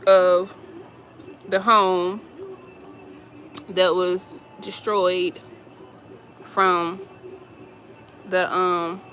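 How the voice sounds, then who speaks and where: A woman's voice: lowish voice, creaky, a bit bright, slight background noise, poor audio. Emotional rambling woman vlogger. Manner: emotional, rambling, repeats herself. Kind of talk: casual storytelling to viewers.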